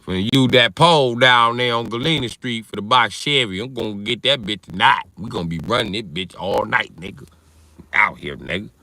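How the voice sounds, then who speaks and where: A man's voice: fairly low pitch, normal speed, pushed and bright. Profane man ranting on a livestream. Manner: profane, riffing, replies to chat. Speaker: livestream host. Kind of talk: casual comedic livestream rant.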